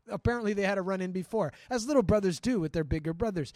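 A male pastor teaching a sermon in a conversational, animated way, acting out scripture and talking straight to his listeners. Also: high voice, fairly quick, no echo, clean studio sound. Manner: frequent restarts and asides to listeners.

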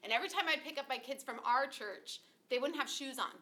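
Woman, 30s, high bright voice, lively storytelling, casual chat. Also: quick pace. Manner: animated, acts out quoted voices. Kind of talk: casual conversational talk.

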